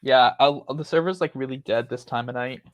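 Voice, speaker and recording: A man's voice: medium pitch, a little fast, no room sound, dull audio. A rambling, chatty man hosting a casual talk stream, laughing often. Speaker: host. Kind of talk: casual chat.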